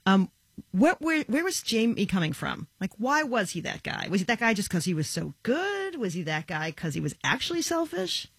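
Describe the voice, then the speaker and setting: A woman hosting a radio interview show, talking in a lively, conversational way with an easy sense of fun. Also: mid-range voice, normal speed, slightly rough, dry recording. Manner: lively, conversational, plays up surprise.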